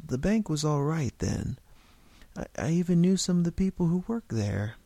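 A man's voice: on the high side, very animated, normal speed, vocal fry, dark tone, no echo, voice pushed up, heavily acted. A man voicing an anxious, awkward young man who stammers nervously.

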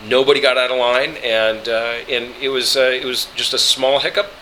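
Chatty man with a bright voice. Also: mid-range voice, fairly even intonation, slight background noise, poor audio. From Colorado, US. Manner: chatty, halting with many fillers and restarts. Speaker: voice actor, interview guest. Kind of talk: relaxed interview chat, storytelling.

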